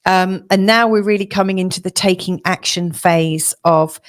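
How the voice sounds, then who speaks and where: A woman astrologer giving a casual weekly forecast, chatty and hesitant, with a slightly hoarse voice. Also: fairly low pitch, fairly even intonation, normal speed. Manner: chatty, hesitant with many fillers and restarts. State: slightly hoarse, losing her voice.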